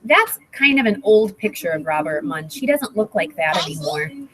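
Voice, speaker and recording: A woman teacher reading a picture book aloud to first graders in a classroom, animated and coaxing the children to join in. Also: mid-range voice, normal speed, a loud crowd, rough recording. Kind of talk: read-aloud storytime.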